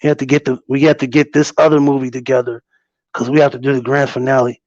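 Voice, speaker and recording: A man's voice: mid-range voice, flat delivery, fast talker, a little mellow, no room sound, highs cut off, close to an everyday voice. A man doing a loose impression of a brash male politician, talking in a dismissive, profane way.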